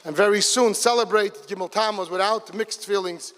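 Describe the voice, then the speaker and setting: A middle-aged man giving a lively storytelling speech to a gathering in a large hall, breaking into excited exclamations. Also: high-pitched, moderate pace. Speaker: speaker at a community gathering. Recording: long reverb of a big hall.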